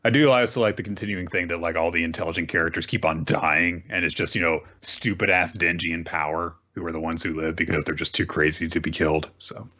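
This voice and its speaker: A man recapping manga in casual chat, animated, acting out quoted lines in exaggerated voices. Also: low-pitched, fast, hardly any pauses. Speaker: podcast host recapping manga. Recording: dull lo-fi recording.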